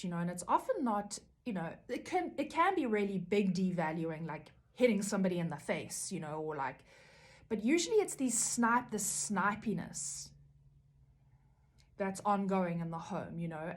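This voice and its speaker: A woman talking casually to camera about codependency recovery, earnest and rambling, often checking in with "you know" and "right?". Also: mid-range voice. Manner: earnest, rambling, many fillers and "right?" tags.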